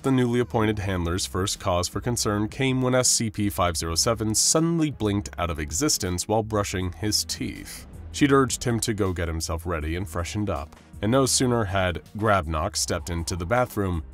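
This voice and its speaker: Deep-voiced male story narrator. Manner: expressive, dramatic. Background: faint music.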